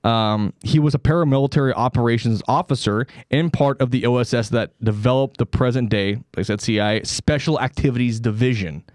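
A man's voice: mid-range voice, brisk, few pauses, darkish tone, no echo, studio quality. A man hosting a comedy podcast, telling a story in a loose, rambling, casual way with swearing and asides. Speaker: podcast host.

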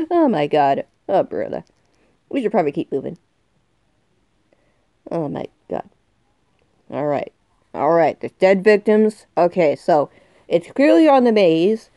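A woman's voice: on the low side, big pitch swings, a little slow, pauses often, dark tone, no room sound, studio quality. A woman in her twenties commenting on a game she is playing, jumpy and swinging from muttering to shrieking. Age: 20s. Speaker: gaming youtuber. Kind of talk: excited let's-play commentary.

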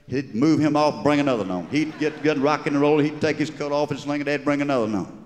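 A fairly high-pitched, fast-talking man from Georgia, USA, performs rambling, folksy stand-up storytelling in a Georgia Southern accent. It's a live stage recording with long reverb.

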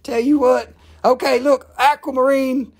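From a family rock shop, a live-stream seller of rocks and minerals hosts a casual sales show in a high voice with a level tone and measured pace. They ramble, crack jokes, and swear along the way.

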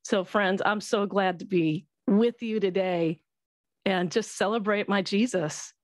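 A woman's voice: medium pitch, measured pace, dry recording, studio quality. A middle-aged woman, a Christian radio host, sharing a heartfelt personal testimony on a webinar. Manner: earnest, heartfelt storytelling.

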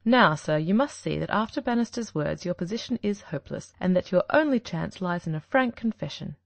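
A shrewd, confident detective who lays out his reasoning with authority, as a woman reader takes on his lines. The voice rises and falls with lively swings of pitch, and a gravelly edge creeps into it. The storybook reading sounds dry and close. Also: fairly quick, no echo. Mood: firm. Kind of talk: audiobook reading.

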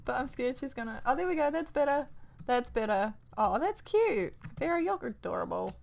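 A young woman with a New Zealand accent gives chatty, rambling gameplay commentary, often trailing off into murmured asides. Her voice sits a touch high for a woman. It is recorded close on a desk microphone at home. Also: expressive, normal speed, gravelly. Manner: rambling, chatty, mutters to herself. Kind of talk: casual let's play commentary.

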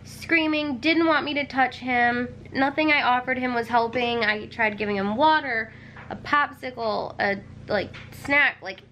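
Young mom vlogger, somewhat high voice, rambling home chat, tired, faint room hum. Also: female voice, a bit bright. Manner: chatty and rambling, many "like" fillers. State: tired and emotional. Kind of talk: casual home vlog. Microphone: handheld camera.

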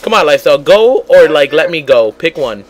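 A gaming host with a fairly high voice, talking casually over gameplay. He jokes, exclaims and bickers with his friends as they play together. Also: very animated, fairly quick, poor audio. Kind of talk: casual let's-play chat.

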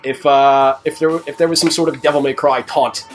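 A man's voice: medium pitch, steady tone, brisk, faint music behind. A man co-hosting a let's play, chatting casually, laughing easily and swearing freely. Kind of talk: casual gaming chat.

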